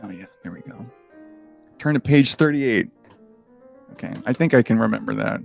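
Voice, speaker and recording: With soft music behind him, a man casually reads a gamebook into a close microphone, veering into rambling commentary full of swearing and self-deprecation. He speaks at a moderate pace in a fairly low voice with lively intonation and vocal fry.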